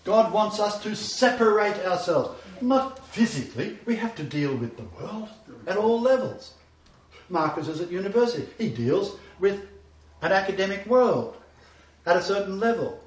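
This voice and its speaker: A man's voice: high-pitched, expressive, moderate pace. A man preaching a sermon, telling stories earnestly and repeating key phrases for emphasis. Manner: earnest, storytelling, emphatic repetition. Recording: echoey room, distant mic, dull lo-fi sound.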